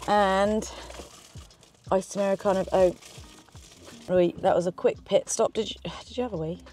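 An excitable, chatty woman vlogging from a moving car, swearing casually as she talks. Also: medium pitch, measured pace, pauses often, soft background music. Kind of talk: casual road-trip chat. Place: in a car on the road. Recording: road noise behind. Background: car and road noise.

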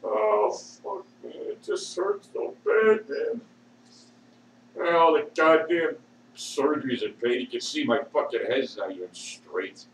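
A man ranting in a rambling way with constant swearing, swinging between shouting and low muttering, recorded at home. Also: lively intonation, slow pace. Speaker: vlogger. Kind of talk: rambling profane rant. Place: at home with a dog. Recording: echoey room, distant mic, faint hiss.

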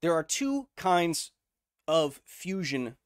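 This livestream host has a slightly high, clear and resonant voice, very animated yet slow. He talks through science casually while checking on viewers and replying to chat, in clean studio audio with no echo.

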